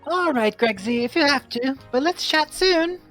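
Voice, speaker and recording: A woman's voice: high voice, animated, normal speed, a bit bright, faint music behind. A woman voicing a cheerful, chatty ten-year-old girl in a sing-song, playful way.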